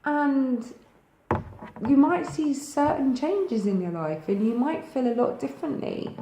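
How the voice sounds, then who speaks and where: A woman's voice: high voice, expressive, a little slow, mellow, echoey room, a little hiss or hum, low-quality recording. A woman with a Thanet accent from Kent, talking straight to camera as a spiritual video host in a frank, emphatic way that swears freely. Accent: English, Thanet in Kent. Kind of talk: casual direct-to-camera talk.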